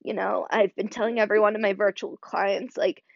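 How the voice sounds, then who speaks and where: Brisk and creaky, a young woman's medium-pitched voice carries fairly even intonation as she hosts a solo podcast. She is choked up and near tears, earnest and rambling, full of "like" and "you know." Her recording sounds dry and slightly dull, lo-fi with no echo.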